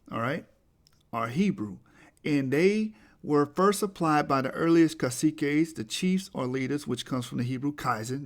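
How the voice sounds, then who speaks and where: A man presenting a lecture over slides, reading quotes aloud and restarting words as he goes, his delivery rising to forceful emphatic peaks. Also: on the high side.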